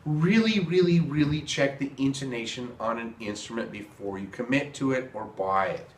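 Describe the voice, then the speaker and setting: A man's voice: medium pitch, moderate pace, reverberant, a little hiss or hum. Earnest man giving a trumpet tip. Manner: earnest, repeats for emphasis. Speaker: trumpet teacher. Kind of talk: casual video lesson.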